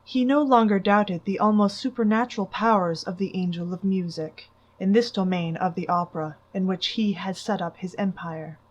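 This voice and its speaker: A woman narrating an audiobook in a measured, dramatic way. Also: medium pitch, muffled recording. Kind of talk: audiobook reading.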